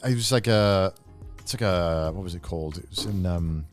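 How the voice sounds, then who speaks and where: A man's voice: low-pitched, moderate pace, soft background music. A man co-hosting a podcast, telling stories with dry sarcasm in a casual chat. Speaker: podcast host.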